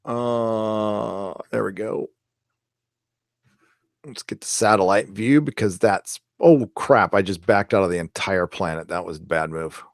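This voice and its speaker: A man's voice: lowish voice, a little slow, no room sound, studio quality. A man hosting a casual pop culture livestream, talking in a rambling, chatty way and cursing freely. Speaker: pop culture show host.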